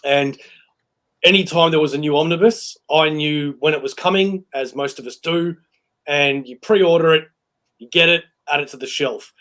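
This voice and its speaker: Speaking at normal speed in a fairly high pitch, a man hosts a relaxed conversation, spinning lively stories and laughing frequently.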